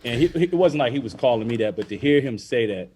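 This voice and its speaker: A man's voice: mid-range voice, expressive, quick pace, a little mellow, a little hiss or hum. An adult man telling a rambling, profane story in casual podcast chat. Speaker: podcast host.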